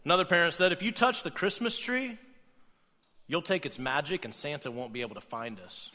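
A man preaching a humorous sermon, playful and animated, acting out quoted voices as he goes. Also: fairly high pitch, brisk, in a large hall. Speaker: pastor.

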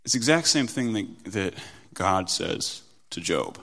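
A man in his thirties preaching a sermon in a conversational, animated way, moving between loud stresses and quiet asides. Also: sits low, a little slow, creaky. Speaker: pastor.

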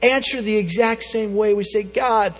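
High-voiced earnest preacher, echoing hall. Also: male voice, normal speed. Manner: earnest, repeats rhetorical questions, speeds up when pressing a point. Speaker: pastor. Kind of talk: sermon. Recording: reverberant hall with soft music.

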